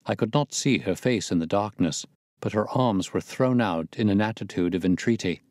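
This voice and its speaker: A man reading a classic detective story aloud as scripted narration, steady and measured. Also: fairly low pitch, dry recording, clean studio sound. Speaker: audiobook narrator.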